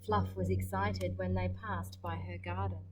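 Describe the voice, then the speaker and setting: A woman's voice: on the low side, a crowd in the background, poor audio. An Australian woman reading a picture book aloud to children, stopping to comment and ask questions. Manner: expressive, pauses to comment and ask the listener questions. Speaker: storyteller.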